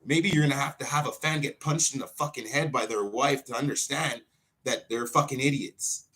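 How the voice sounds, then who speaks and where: A wrestler hosting his own show, ranting in an unscripted way, full of swearing, with sudden loud outbursts that drop back to muttering. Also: medium pitch, normal speed. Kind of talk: unscripted profane rant.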